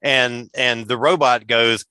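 A man's voice: medium pitch, steady tone, slow, very noisy. A man co-hosting a podcast, chatting casually and retelling favorite scenes with enthusiasm. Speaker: podcast co-host.

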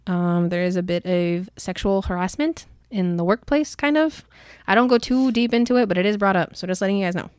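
Young female podcast host, casual and animated, acts out quotes, dry close sound. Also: medium pitch, a little fast, hardly any pauses, clear, resonant tone, no echo. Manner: animated storytelling, acting out character quotes, frequent "like". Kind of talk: casual book recap chat.

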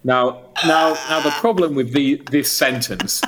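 A man's voice: medium pitch, a little slow, heavy background noise. A man co-hosting a comedy podcast, mocking and picking apart a news story in a sarcastic, mock-indignant way. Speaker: podcast co-host.

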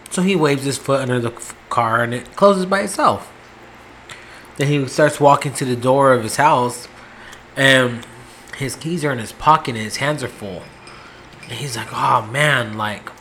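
A man's voice: mid-range voice, a bit bright. Male co-host, chatty and rambling, acts out the people in his stories, faint background hiss. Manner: rambling storyteller, acts out quotes, swears. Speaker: podcast co-host. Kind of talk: casual chat.

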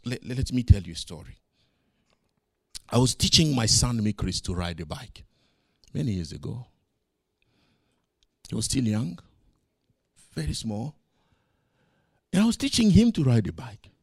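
A man preaching a sermon as pastor, swinging from loud emphasis to quiet asides and acting out his own quoted words. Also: medium pitch, husky, no room sound, studio quality.

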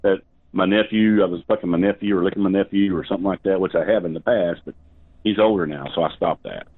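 A drunk man answers a prank call and talks in a low, rambling voice full of curses. He comes through a thin, phone-like line that sounds flat and dry, with no room around it. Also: fast talker, dry recording. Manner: rambling, swears constantly.

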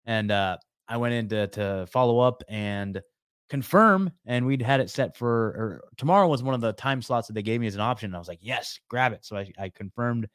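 A chatty male host running a call-in podcast, rambling easily and tossing in "dude" and "man." He sits at a mid-pitched, ordinary voice in a dry, close room with no echo. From US West Coast. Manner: chatty, repeats words, calls people man and dude. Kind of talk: casual call-in chat.

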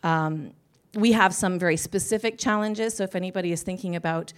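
A woman's voice: on the low side, a little fast, clean tone. A woman panelist at a live conference, talking in a chatty, self-deprecating way and laughing often. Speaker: panelist, business owner.

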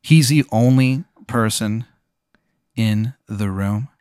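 A man's voice: lowish voice, slow, darkish tone, smooth, no room sound, studio quality. Casual profane game master, man. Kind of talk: narrating a tabletop game.

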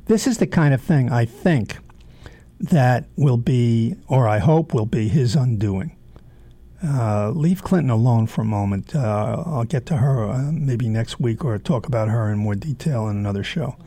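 A man hosting his own show, giving blunt political commentary in a halting way with many fillers. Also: medium pitch, expressive, dark tone, slightly rough, dry recording. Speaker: show host. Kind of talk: opinionated political commentary monologue.

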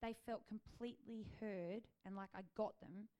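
A woman in her thirties sharing a personal faith testimony in a gentle, earnest way, with frequent ums and likes. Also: mid-range voice, steady tone, normal speed.

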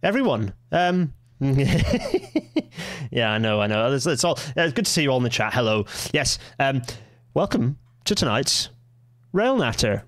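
A man's voice: medium pitch, sing-song, no room sound. Rambling man hosting a stream. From Scotland. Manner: rambling, self-interrupting, quick asides with laughs. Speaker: livestream host. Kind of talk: casual live-stream chat.

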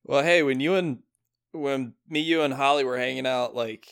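A man's voice: medium pitch, normal speed, a bit bright, clear, resonant tone. A man co-hosting a casual podcast chat in a laid-back, teasing way. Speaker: podcast co-host.

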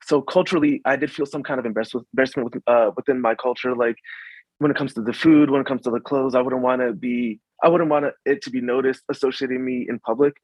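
A young man from the Washington, DC suburbs, a guest in a casual conversation, speaking haltingly and full of fillers and restarts. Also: mid-range voice, fairly even intonation, darkish tone, slightly rough, dry recording, poor audio.

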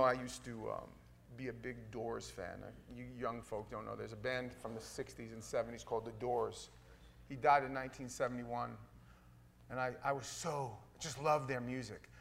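A middle-aged man, a pastor, preaching a sermon in a folksy, playful way that swings from loud to hushed. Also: mid-range voice, vocal fry.

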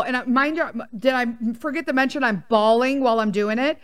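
Smooth-voiced woman ranting, profane and animated. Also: high voice, brisk, few pauses. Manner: rambling with restarts and asides. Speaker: podcast host. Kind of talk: casual storytelling monologue.

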